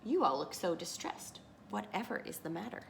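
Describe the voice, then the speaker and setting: A woman voicing a sly, smooth-talking male fox in a storybook read-aloud, overly polite and coaxing. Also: lowish voice, sing-song, normal speed, slight background noise.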